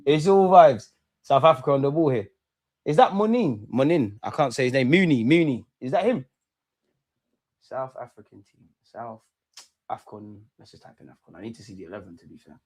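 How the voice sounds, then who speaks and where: A young man hosts a live football watch-along, at an ordinary pitch for a man. His talk is loose and full of slang, and it jumps into excited bursts. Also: normal speed, long pauses.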